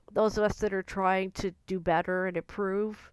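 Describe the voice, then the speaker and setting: Earnest woman with a smooth clear voice. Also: medium pitch, little pitch movement, moderate pace, few pauses, no room sound. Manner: earnest, gentle and confiding. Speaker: vlogger. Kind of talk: personal reflective talk to camera.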